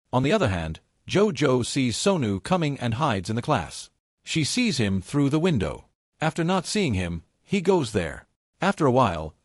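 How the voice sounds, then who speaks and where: A man's voice: medium pitch, no room sound, clean studio sound. A man narrating a drama recap in a scripted style, reading the quoted dialogue in the same plain narrating voice.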